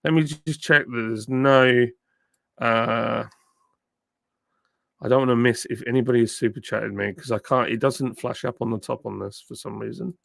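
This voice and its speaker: A middle-aged man from the south of England, his southern English accent softened by years in the north, chatting casually on a live stream and reading out viewer comments. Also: medium pitch, steady tone, moderate pace, gravelly, no echo, clean studio sound. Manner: chatty, thanking viewers by name, frequent ums and uhs. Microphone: phone with a plug-in mic.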